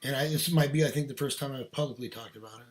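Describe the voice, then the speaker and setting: A man guest on a podcast telling a personal story in casual, earnest talk, animated and laughing now and then. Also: medium pitch, fast talker.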